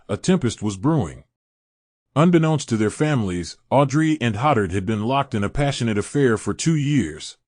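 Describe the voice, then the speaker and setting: A man giving a scripted, dramatic true crime narration in a measured storytelling delivery. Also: mid-range voice, a little mellow, no echo, studio quality.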